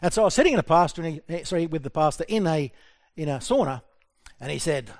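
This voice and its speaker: A middle-aged Australian man giving a humorous personal talk to an audience, lively and self-deprecating, often asking the crowd questions. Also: fairly high pitch, fast talker. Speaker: speaker addressing an audience.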